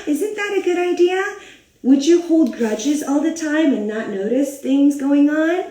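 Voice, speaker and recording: A woman reading a picture book aloud to children, animated, gasping and asking the listener questions. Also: sits high, a little slow, distant mic. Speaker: storybook reader for children. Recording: roomy echo.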